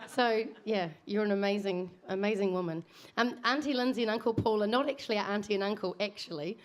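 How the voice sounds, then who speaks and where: A woman's voice: mid-range voice, fast talker. A middle-aged woman hosting a family memorial service in a church, talking in a chatty, rambling way and laughing between asides.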